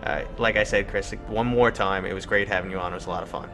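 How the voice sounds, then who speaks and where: A man's voice: sits low, steady tone, fast talker, a bit bright, soft background music. A man with a New York City accent hosting a casual interview, joking and enthusiastic. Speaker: host.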